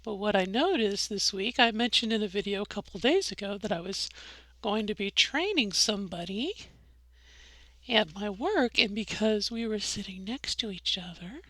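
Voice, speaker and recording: A middle-aged vlogger rambles through her voice training in a casual diary, correcting herself and showing off her own voice. Her medium-pitched voice is bright and forceful, with lively intonation and a moderate pace, and there's no room sound.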